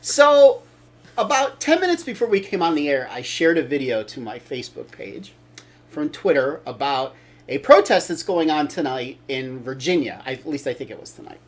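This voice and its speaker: A man's voice: a little high, very animated, normal speed. An older man hosting a casual opinion talk show, blunt and opinionated, rambling with restarts. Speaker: show host.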